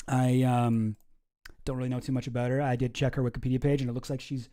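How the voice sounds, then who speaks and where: A young man with a slightly high, mellow voice talks through a news article on his stream. He rambles loosely, restarts his sentences and swears casually. It sounds like a relaxed, off-the-cuff commentary show. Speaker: streamer host.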